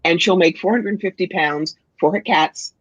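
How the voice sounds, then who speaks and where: A guest author chats casually on a livestream, an animated storyteller quick to quote and act out others. Her mid-pitched voice has a breathy edge and sounds dull and lo-fi, very dry with no room and no echo.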